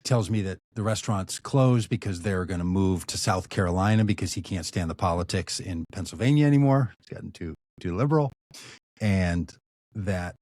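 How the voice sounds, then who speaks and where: Guy telling a long story on a podcast, lowish voice, laid back, drops into mumbly asides, dry sound. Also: no echo. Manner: relaxed, anecdotal, trails off into low asides. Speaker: podcast guest, activist and author. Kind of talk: storytelling in conversation.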